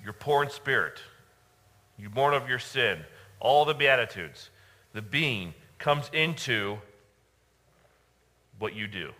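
A male pastor preaching a sermon, emphatic, with dramatic pauses and repeated phrases. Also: mid-range voice, lively intonation, bright, forceful tone. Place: church.

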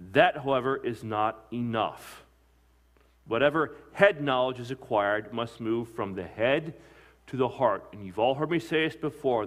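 A man, a pastor, preaching a sermon with emphatic delivery, asking his listeners questions and answering them. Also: medium pitch. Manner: emphatic preaching with rising and falling loudness, asks the congregation questions.

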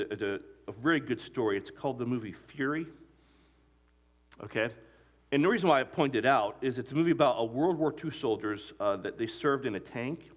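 A male pastor preaching a sermon, telling stories and asking the congregation questions that it answers. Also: medium pitch. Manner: asks the congregation questions and lets them fill in the answer; storytelling, retelling movie scenes.

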